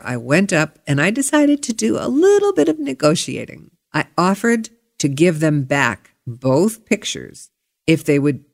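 Lively woman telling a travel story. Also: lowish voice. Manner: chatty and candid, voice swinging up with excitement. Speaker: podcast host. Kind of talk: casual storytelling monologue.

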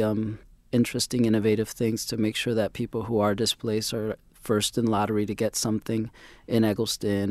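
A man, a community organization director, explaining local matters in an even, earnest way on a radio interview. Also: fairly low pitch, no room sound.

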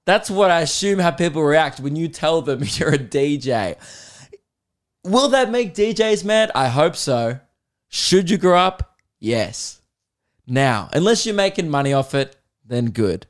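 A young Australian man tells a long pub story on his comedy podcast, loose and chatty. He keeps acting out the other people with quick put-on voices, swears casually and laughs at his own lines. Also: a little high. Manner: animated, acts out quoted voices, swears freely, laughs mid-story.

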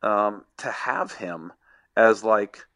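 A middle-aged former ballplayer, now a sports agent, answering podcast questions in a halting, reflective way with many restarts. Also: male voice, fairly low pitch, expressive, a bit bright.

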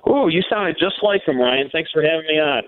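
A man's voice: fairly high pitch, animated, brisk, no room sound. A male radio producer, a guest on the show, tells a long story with many fillers and restarts. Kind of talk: phone interview storytelling. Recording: tinny dry phone line.

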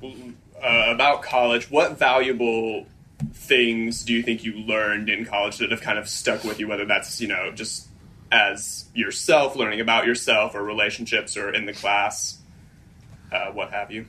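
A man from a live audience hesitantly asking a question, with slow phrasing. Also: on the low side, little pitch movement, sharp tone, low-quality recording.

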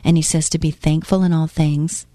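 Female host, late fifties, earnest and encouraging, slightly low pitch, dry studio sound. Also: level tone, normal speed, warm tone, dry recording. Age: 50s. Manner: earnest, encouraging, acts out voices of doubters. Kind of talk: faith-based motivational talk.

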